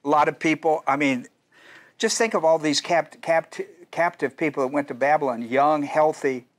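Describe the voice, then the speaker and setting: A man's voice: on the high side, moderate pace. A male pastor teaching a Bible study class in a conversational, digressive way, often restarting sentences and asking the audience questions.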